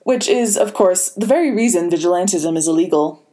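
A woman's voice: fairly low pitch, expressive, brisk, mellow, natural voice. A woman voicing a smug, silky government official. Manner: silky, condescending. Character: smug cold older male government secretary.

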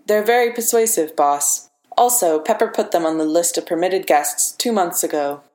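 A woman's voice: fairly low pitch, normal speed, darkish tone, close to an everyday voice. A woman voicing a cheeky female AI assistant with a light, teasing manner. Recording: echoey room.

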